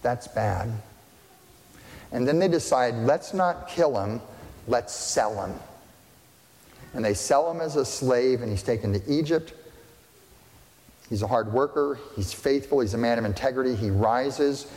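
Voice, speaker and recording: A man's voice: medium pitch, moderate pace, long pauses, darkish tone. Man preaching in a reverberant sanctuary. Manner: conversational, asks the congregation rhetorical questions, dry humorous asides. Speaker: pastor. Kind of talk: sermon. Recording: long reverb of a large room.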